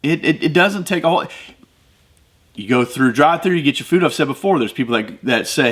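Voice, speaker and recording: Speaking fast in a fairly bright mid-range voice, a middle-aged Midwestern podcast host leads a devotional show. He keeps it conversational, then works up to emphatic runs like a preacher.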